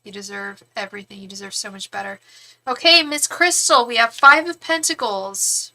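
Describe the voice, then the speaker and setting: A woman's voice: medium pitch, moderate pace, sharp tone. A woman giving a live-stream tarot reading, talking frankly and chattily, with lots of fillers and some swearing. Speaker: tarot reader and psychic.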